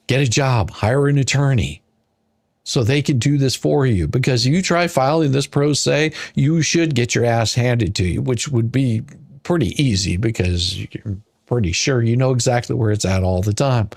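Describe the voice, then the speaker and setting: A man's voice: medium pitch, a little mellow, no echo, studio quality. A man reading a court filing aloud and ranting at it, exasperated, sarcastic and insulting. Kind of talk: ranting commentary.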